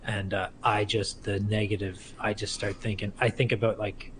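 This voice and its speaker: A man who streams, chatting casually and haltingly, often restarting his sentences. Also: lowish voice, flat delivery, fairly bright tone, slight background noise. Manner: hesitant, halting, with many restarts. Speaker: streamer hosting the call. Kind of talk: casual chat.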